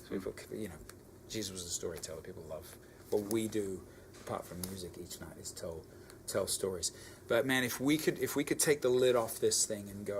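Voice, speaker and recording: A young Australian man, a band member, giving reflective, halting answers in an interview. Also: lowish voice, slight background noise. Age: young adult. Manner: thoughtful, halting, with pauses.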